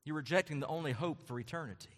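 Emphatic preacher in a reverberant hall. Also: male voice, on the high side, racing, a bit bright. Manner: emphatic, repetitive preaching with rhetorical questions. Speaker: pastor. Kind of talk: sermon.

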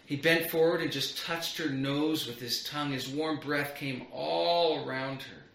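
A man's voice: fairly high pitch, measured pace, gravelly, a bit bright. A middle-aged man preaching a sermon as pastor, earnest and building on repeated phrases. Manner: earnest, repetitive build-ups. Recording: roomy echo.

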